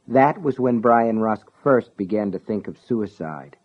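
A man narrating an audiobook in a measured, dramatic way. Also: fairly low pitch, animated. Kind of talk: scripted narration. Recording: dull lo-fi recording.

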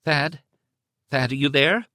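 A man's voice: mid-range voice, very animated, takes it slowly, dry recording, pitched above the performer's own voice. A man voicing a frightened young mother who sounds harried and close to tears, pleading in a trembling voice.

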